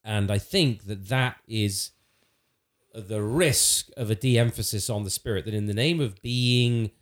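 In a relaxed conversation about theology, a man with a fairly low voice talks earnestly at a measured pace. Thinking aloud, he restarts phrases and leans on fillers.

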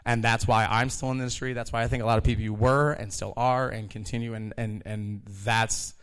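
A man in his thirties tells a live story about working in a kitchen, animated and laughing as he acts out the people he quotes. His voice is medium-pitched, smooth, and a little fast.

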